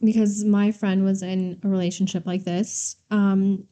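A woman co-hosting a talk podcast, telling a story in an animated, casual way and saying "y'all" and "like". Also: medium pitch, unhurried. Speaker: podcast co-host and trainer.

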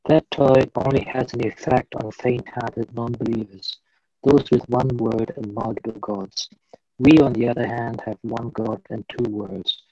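A man reading a passage aloud, slow and measured. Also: mid-range voice, steady tone, dark tone, no echo, dull audio, pitched below the performer's own voice, lightly acted.

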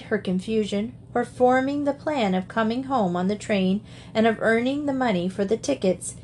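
A woman reading a storybook aloud in a steady, measured narration. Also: medium pitch, slight background noise. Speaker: audiobook reader.

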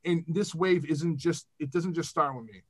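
A man's voice: fairly high pitch, normal speed. A young man from Massachusetts, a music producer guest, talking casually and profanely in a podcast chat. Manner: animated, profane, rambling.

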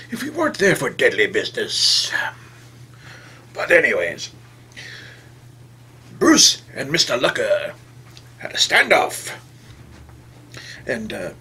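A man telling a comedic first-person story in a rambling, bumbling and oblivious way, with old-fashioned phrasing. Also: on the high side. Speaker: comic storyteller.

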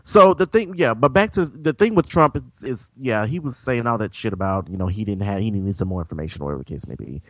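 A man's voice: on the low side, expressive, quick pace, few pauses, dry recording. A man co-hosting a casual chat show, telling stories and laughing along. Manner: chatty, laughs along, storytelling. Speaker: podcast co-host.

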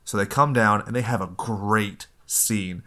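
Male podcast host, slightly low voice, animated and analytical, chatty film talk. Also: measured pace. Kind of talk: casual film discussion.

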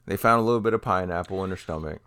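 Low gravelly-voiced man co-hosting. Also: rapid-fire, a bit bright, no echo, clean studio sound. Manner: laid-back, swears casually, trails off and restarts. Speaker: podcast co-host. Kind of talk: casual podcast chat.

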